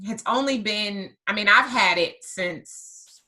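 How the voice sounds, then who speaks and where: A woman hosting a podcast and telling a story in a lively conversational way, stressing her points by repeating words. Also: medium pitch, slow, poor audio. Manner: emphatic, repeats words for effect. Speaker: podcast host and business coach.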